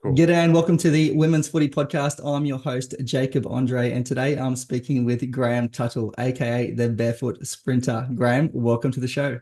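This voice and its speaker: A man's voice: mid-range voice, flat delivery, normal speed, few pauses, mellow. An Australian man hosting a podcast, chatting casually with a guest and laughing easily. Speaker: podcast host. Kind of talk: casual interview chat.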